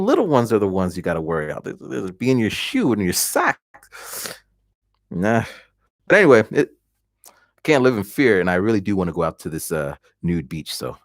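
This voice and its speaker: Clean studio sound with no room sound carries this man's lowish voice. He's a livestream host in his 40s chatting casually at home, animatedly telling stories full of voiced reactions.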